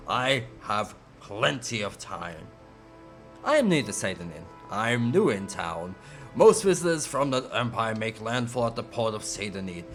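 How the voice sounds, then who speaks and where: A man voicing a boastful, chatty male townsman in a fantasy game, speaking in a lower, slow and self-satisfied drawl. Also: a bit bright.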